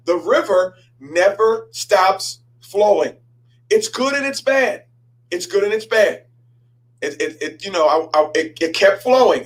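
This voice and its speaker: A male pastor hosting his own show and turning a personal story into a sermon. His speaking voice sits a little higher than most men's, and he stammers and doubles back as he gets animated. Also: low-quality recording. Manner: animated, repeats himself and stammers.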